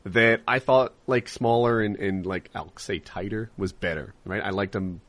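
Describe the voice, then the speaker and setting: A man's voice: fairly low pitch, normal speed, fairly bright tone, no echo. A man hosting a podcast in casual, candid chat, rambling a little and laughing easily. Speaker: podcast host and live streamer.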